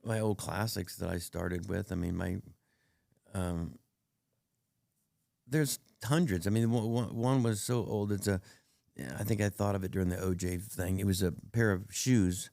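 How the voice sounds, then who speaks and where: Comedian guest, man, low gravelly voice, rambling anecdotes with lots of restarts, dry close mic. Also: fairly even intonation, unhurried, darkish tone, no room sound. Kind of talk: casual storytelling interview.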